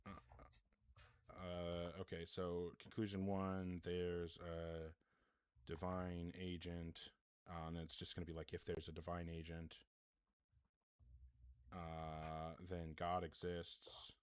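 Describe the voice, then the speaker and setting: Low dude running a live debate stream, blunt, dry close mic, keeps poking at the argument. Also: male voice, monotone, takes it slowly, long pauses, clean tone, dry recording. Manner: blunt, questioning, restates premises.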